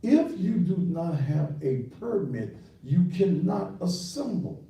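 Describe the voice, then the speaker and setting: A man's voice: high-pitched, sing-song, slow pace, creaky, warm tone, heavy reverb, distant mic, poor audio. An older man hosting a talk show, lecturing his listeners in a preachy, scolding way. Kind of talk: radio commentary.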